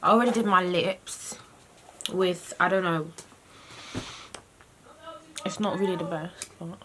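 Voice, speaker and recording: Soft-spoken woman in her twenties. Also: fairly low pitch, steady tone, unhurried. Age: 20s. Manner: chatty, soft-spoken, narrating her makeup steps. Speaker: vlogger. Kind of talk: casual chat. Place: at home, getting ready. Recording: noisy home video recording.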